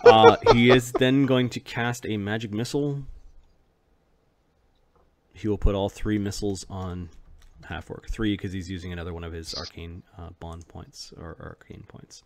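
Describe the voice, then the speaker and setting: A man's voice: fairly low pitch, steady tone, moderate pace. A man running a tabletop game as game master, narrating combat with frequent fillers.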